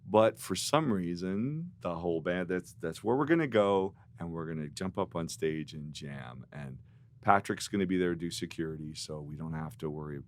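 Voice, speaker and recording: A middle-aged man, a guest musician, telling animated, rambling stories in a podcast interview. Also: deep voice, moderate pace. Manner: animated storyteller, rambling with restarts.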